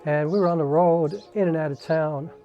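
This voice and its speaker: A man's voice: a little high, normal speed, muffled recording, soft background music. A man from the New York area, a singer, telling a personal family story in a conversational way, with frequent "um" and "like". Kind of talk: casual personal storytelling to camera.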